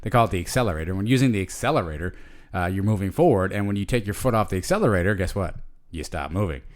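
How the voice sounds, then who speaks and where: A man in his forties with a fairly low voice talks loosely on a podcast. He wanders through his thoughts, piling up fillers and restarting his sentences as he goes. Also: lively intonation, racing. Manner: rambling, with many fillers and restarts. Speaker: podcast co-host. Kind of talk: casual chat.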